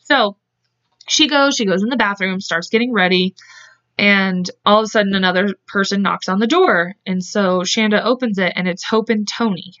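A woman's voice: mid-range voice, a bit bright. Give me a woman hosting a true-crime podcast who chats bluntly and acts out each quote, on muffled lo-fi audio. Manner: acts out quotes in quick voices, chatty and blunt. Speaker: podcast host. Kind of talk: casual true-crime storytelling.

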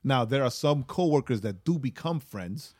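A man's voice: mid-range voice, normal speed, dry recording. Dry-miked chatty man co-hosting. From New York. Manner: animated, conversational, frequent "right?" asides. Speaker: podcast co-host. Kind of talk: casual faith podcast chat.

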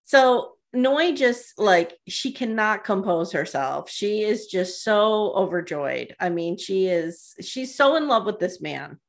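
A woman co-hosting a casual recap podcast, animated and gossipy, retelling scenes with quoted asides and laughter. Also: mid-range voice, slow, hardly any pauses. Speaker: podcast co-host.

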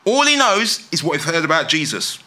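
A man's voice: fairly high pitch, big pitch swings, a little fast, pushed and bright. A man preaching a sermon, emphatic and asking his listeners rhetorical questions.

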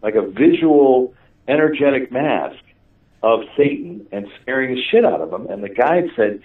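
A man telling stories in a casual conversation, animated and laughing, with many fillers and restarts. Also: mid-range voice, normal speed. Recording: distant, tinny phone-like audio.

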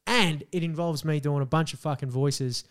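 An Australian man co-hosting a podcast, chatting casually, blunt and animated, swearing often. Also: a little high, moderate pace. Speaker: podcast co-host. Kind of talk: casual chat.

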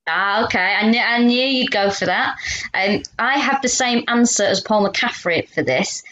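A woman, co-hosting a podcast in casual chat, telling animated stories and swearing freely. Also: on the high side, moderate pace, low-quality recording. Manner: animated storytelling, swears, acts out quotes. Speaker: podcast co-host.

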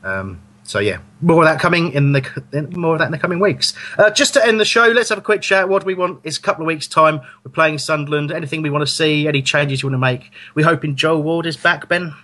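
A man's voice: a little high, quick pace, hardly any pauses, sharp tone. A man hosting a casual football fan podcast, rambling and correcting himself as he goes. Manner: rambling, self-correcting, chuckling. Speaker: podcast host.

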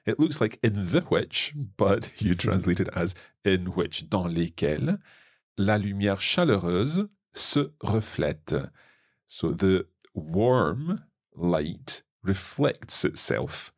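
A man's voice: deep voice, big pitch swings, slow pace, slightly rough, no room sound, studio quality. A man with a Scottish accent, hosting a language lesson and patiently explaining a text line by line. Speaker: French teacher and podcast host.

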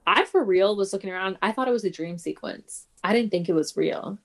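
A woman's voice: medium pitch, animated, brisk. A woman chatting casually on a podcast over a remote call, blunt and wry in her opinions. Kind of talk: casual chat.

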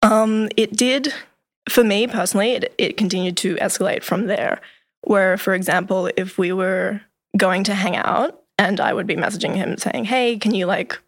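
A woman's voice: medium pitch, fairly even intonation, normal speed, gravelly. Chatty young woman. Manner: chatty, heavy use of "like", acts out quotes. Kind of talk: casual chat.

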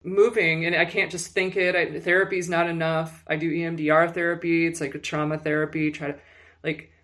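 A woman guest in an interview, telling personal stories in an animated way with lots of fillers and restarts. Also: sits low, fairly quick. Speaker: guest, music publicist. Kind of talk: candid personal storytelling.

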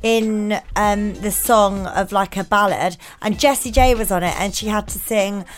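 A woman's voice: medium pitch, steady tone, unhurried, soft background music. A woman co-hosting a casual chat podcast, giggly and chatty, often breaking into squeals. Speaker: podcast co-host.

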